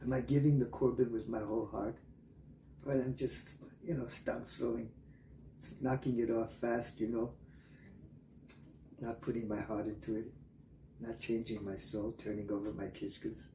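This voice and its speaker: A man telling a Torah story in a lilting, half-sung voice, swinging between loud and hushed. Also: medium pitch, flat delivery, normal speed, pauses often, a little hiss or hum. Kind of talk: sung-through storytelling sermon. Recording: roomy and distant, loud guitar behind. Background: guitar music.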